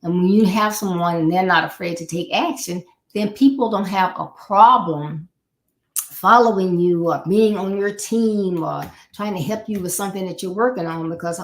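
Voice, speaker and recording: Low-voiced woman coaching in an echoey room. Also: normal speed. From Florida. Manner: conversational, repeats key points, acts out quoted people. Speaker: life coach. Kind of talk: motivational live talk.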